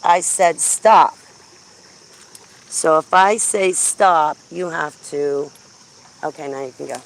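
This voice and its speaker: Woman vlogger, gravelly fry, blunt chatty storyteller, outdoors on a phone mic, faint background noise. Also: low-pitched, unhurried. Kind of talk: casual rambling chat. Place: outdoors walking a dog.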